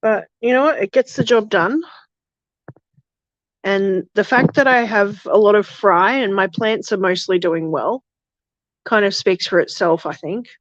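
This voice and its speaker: A woman chats casually on a home stream while tending her fish tanks, chatty and self-deprecating. Her voice sits at a middle pitch. The sound is dry and slightly muffled. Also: unhurried, dry recording.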